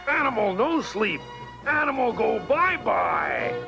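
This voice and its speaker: A high, shouty baby monster in a storybook, stubborn and wild, yelling choppy little phrases slow and stretched out, with soft music behind. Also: male voice, big pitch swings, vocal fry, full character voice. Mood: excited. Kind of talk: storybook character voice.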